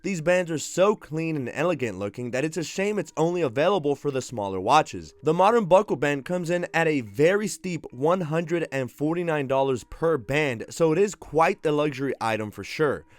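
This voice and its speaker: A man's voice: a little high, lively intonation, moderate pace, few pauses, no echo. A young man reviewing watch bands in an upbeat, slangy way, sounding sick and congested. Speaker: tech reviewer. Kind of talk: scripted product review.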